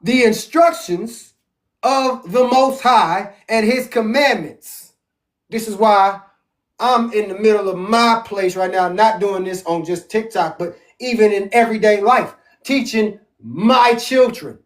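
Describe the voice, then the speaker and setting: A man with a very high voice leads a scripture lesson from his home. He preaches with emphasis and reads the verses aloud. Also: a little slow. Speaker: religious teacher. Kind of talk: scripture teaching on a live stream.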